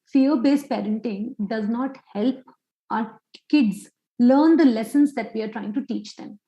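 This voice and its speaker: A woman's voice: a little high, measured pace, dark tone, roomy sound, low-quality recording. A woman psychologist giving an online parenting workshop, quizzing listeners with many questions.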